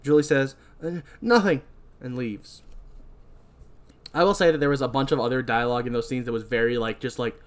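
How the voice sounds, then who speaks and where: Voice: medium pitch, steady tone, a little fast. A podcast host casually recapping a horror movie, chatty and full of fillers. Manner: chatty, filler-heavy, laughing.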